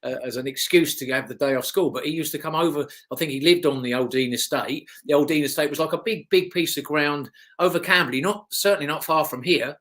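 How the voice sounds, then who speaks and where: A man's voice: fairly high pitch, fast talker, hardly any pauses, a bit bright. A middle-aged man, a former motocross racer telling rambling, chatty stories as an interview guest. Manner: rambling, chatty, with restarts and chuckles. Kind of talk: casual anecdotal storytelling.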